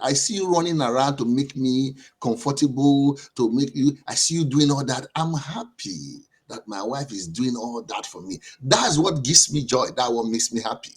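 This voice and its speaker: A married man on a discussion panel, using his own life as an example in a personal, storytelling way with halting restarts. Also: mid-range voice, animated, slightly rough. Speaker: panel guest.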